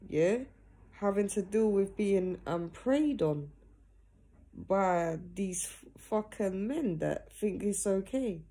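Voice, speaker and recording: Captured on a phone or camera, a young vlogger in pajamas at home speaks earnestly and directly to camera, finishing almost every phrase with "yeah?". Her mid-range voice is warm, with lively intonation and a slow pace.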